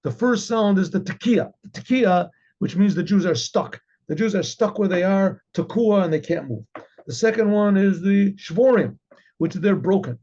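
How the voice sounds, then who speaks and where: A man storyteller with a high, mellow voice and a husky, gravelly edge. He rambles through his tale with lots of "you know"s and keeps stopping to clear his throat. The recording is dull and lo-fi. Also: lively intonation, moderate pace. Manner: rambling, with many fillers and frequent throat clearing. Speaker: rabbi. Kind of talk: storytelling talk.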